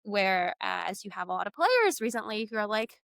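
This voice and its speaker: Female sports co-host, bright tone, dry close sound, eager and opinionated. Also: medium pitch, sing-song, moderate pace, gravelly, clean tone, no echo. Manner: enthusiastic, opinionated, talkative. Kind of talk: casual sports chat.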